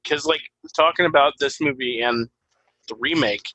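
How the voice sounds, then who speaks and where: Bright-voiced man reminiscing about movies. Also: medium pitch, moderate pace, no echo, rough recording. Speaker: podcast co-host. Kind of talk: casual movie review chat.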